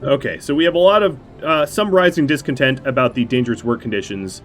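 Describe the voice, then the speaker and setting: Over faint background music, a man with a medium-pitched voice talks fast while streaming a strategy game on a headset mic. It's let's-play commentary: he thinks aloud about his choices and cracks dry, self-mocking jokes.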